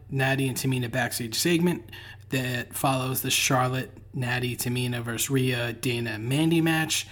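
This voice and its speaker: A man hosting a solo podcast, recapping in a casual, dry and sarcastic way with lots of "uh" fillers and the odd sigh. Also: medium pitch. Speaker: podcast host.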